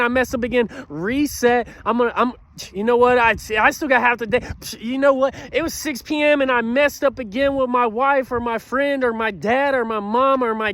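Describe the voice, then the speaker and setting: Addressing the camera, a thirtysomething motivational speaker preaches earnestly, often throwing in "you know what?" while alternating loud outbursts with soft, low passages. The recording carries slight hiss or hum.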